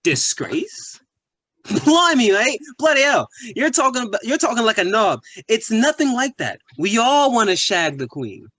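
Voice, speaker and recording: A man's voice: high voice, very animated, normal speed, hardly any pauses, fairly bright tone, no room sound, heavily acted. A man playing a crude, pushy young British bloke with a British accent who is boastful and full of slang. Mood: leering. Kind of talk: comedy sketch acting.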